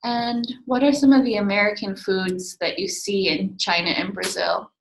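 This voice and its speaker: A young woman, a moderator, passing on audience questions in a soft, tentative way. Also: medium pitch, fairly even intonation, moderate pace, gravelly, low-quality recording. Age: young adult.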